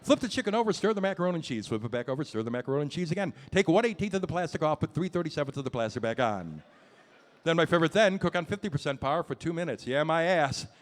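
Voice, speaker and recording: Brash, fast-talking stand-up comedian man. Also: a little high, lively intonation. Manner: brash, swearing, self-mocking punchlines. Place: comedy club stage.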